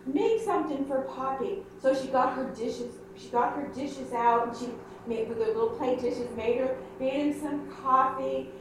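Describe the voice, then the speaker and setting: An older woman, the pastor's wife, telling a family story in an animated way. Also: high voice, normal speed, few pauses, a little hiss or hum. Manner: animated storytelling, laughing through it. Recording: echoey room, distant mic.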